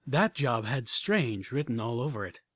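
A man reading a story aloud as an audiobook narrator, measured and even. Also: mid-range voice, no room sound. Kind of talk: scripted narration.

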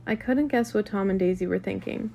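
A woman's voice: medium pitch, a little fast, vocal fry, warm tone. A woman reading a classic novel aloud in a casual, unpolished way, with occasional restarts and asides. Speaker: reader.

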